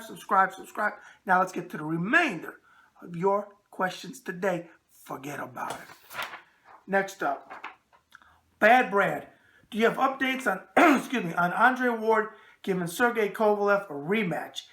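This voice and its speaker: A raspy-voiced man with a New York accent hosting a show, bantering in a brash wise-guy way. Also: sits high, expressive, normal speed, sharp tone. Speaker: host. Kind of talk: casual call-in talk show.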